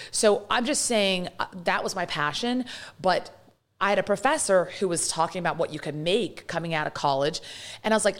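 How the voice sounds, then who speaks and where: A woman from London in her thirties, talking fast and loosely with lots of fillers as a guest in a casual interview. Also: medium pitch, a bit bright. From London, England. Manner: talkative, fast storytelling with many fillers.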